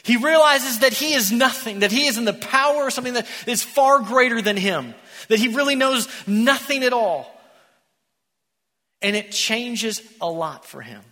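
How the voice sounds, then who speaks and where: A man preaching a sermon in a church, an animated storyteller who acts out the characters. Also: very high voice, moderate pace. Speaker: pastor. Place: church sanctuary. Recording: echoey church hall.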